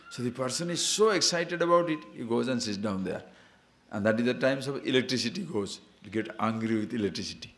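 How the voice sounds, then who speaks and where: A man's voice: mid-range voice, a little fast. A man giving a spiritual discourse, telling stories and laughing at them, asking listeners to see and understand. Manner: animated, laughs at his own stories. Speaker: spiritual teacher.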